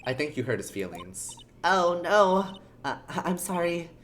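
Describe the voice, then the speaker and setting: A woman's voice: fairly low pitch, very animated, measured pace, a little hiss or hum, pitched above the performer's own voice. A woman reading the lines of an earnest young male defense attorney in a video game, polite with a slight nervous stammer.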